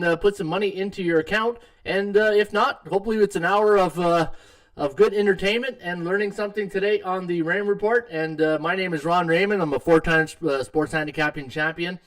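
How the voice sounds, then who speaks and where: A man's voice: high voice, distant mic. A middle-aged man hosting a live sports betting stream in casual chat, full of fillers and restarts. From Canada. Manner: chatty, many fillers and restarts. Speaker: sports betting podcast host. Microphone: desktop mic. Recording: tinny echoey home stream mic.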